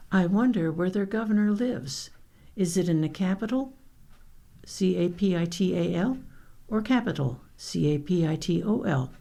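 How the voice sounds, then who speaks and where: A woman reading newspaper columns and news items aloud for a radio reading service, in a plain, unhurried way. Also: on the low side, gravelly, warm tone. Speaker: volunteer newspaper reader. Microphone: radio studio microphone.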